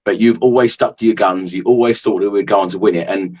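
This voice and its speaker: A man's voice: fairly low pitch, steady tone, fast talker, a little mellow, breathy edge, poor audio. A man hosting a casual podcast chat, speaking with lots of hesitations and restarts. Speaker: podcast host.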